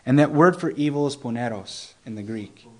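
Man, young adult, informal preacher, earnest, conversational, restarts, deliberate scripture reading. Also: medium pitch, animated, darkish tone. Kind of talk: informal Bible teaching.

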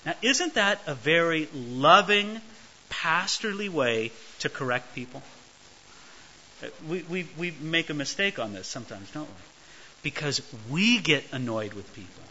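Male pastor preaching, high and very lively voice, bright tense tone, dull lo-fi sound. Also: normal speed. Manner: animated, emphatic, acts out quoted voices. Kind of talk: expository sermon. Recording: dull lo-fi recording.

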